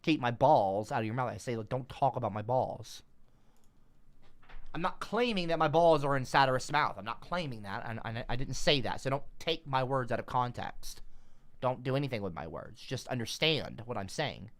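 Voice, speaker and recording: A man's voice: medium pitch, expressive, moderate pace. A man livestreaming, talking casually to his chat, rambling and irritable, swearing often.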